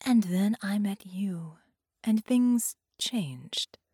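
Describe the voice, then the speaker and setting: A woman voicing a cruel, seductive woman captor who speaks in a slow, possessive hush. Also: mid-range voice, animated, husky, dry recording, studio quality, full character voice. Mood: gloating hush.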